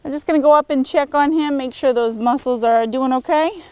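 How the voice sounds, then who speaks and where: A fairly high-voiced woman gives calm, patient lessons as she works a young horse outdoors in an arena. Her instructions come steadily, mixed with soft praise, and hoofbeats sound behind her. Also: fairly quick, dry recording, rough recording. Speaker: horse trainer. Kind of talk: outdoor training demonstration.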